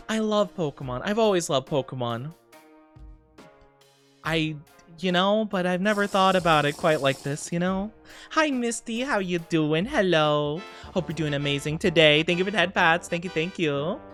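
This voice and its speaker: A man's voice: a little high, a little slow, fairly bright tone, faint music behind. A bubbly, giggly young man chatting casually with his live-stream audience. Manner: bubbly and giggly, talking straight to chat.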